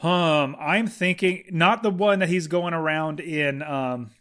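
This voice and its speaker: A man's voice: a little high, takes it slowly, a bit bright. A man chatting casually and enthusiastically about a movie as a podcast co-host, rambling with frequent restarts.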